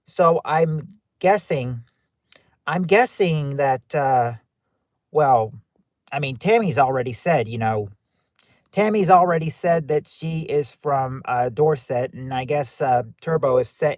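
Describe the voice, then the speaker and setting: A man's voice: on the high side, no echo. A man hosting a livestream, chatting casually with viewers in a rambling way and restarting his sentences often. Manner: rambling, repeats himself with many restarts. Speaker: livestream host. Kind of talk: casual chat reading live chat.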